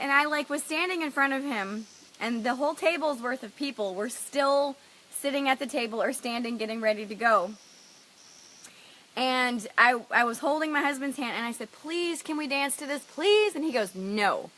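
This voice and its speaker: A middle-aged life coach tells a personal story with emotional, emphatic earnestness and frank swearing. Her voice is high and bright, with a forceful tone.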